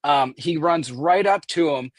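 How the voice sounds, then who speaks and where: Animated man telling a story, dry sound. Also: on the high side, measured pace, dry recording. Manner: animated, acts out quoted voices, swears. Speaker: guest recounting an event. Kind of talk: casual storytelling.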